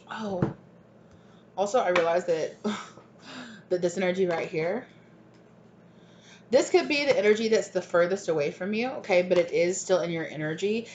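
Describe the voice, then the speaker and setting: A woman giving a channeled collective tarot reading, rambling and gushing and often asking "right?". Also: fairly low pitch. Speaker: tarot reader. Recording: dull lo-fi recording, faint hiss.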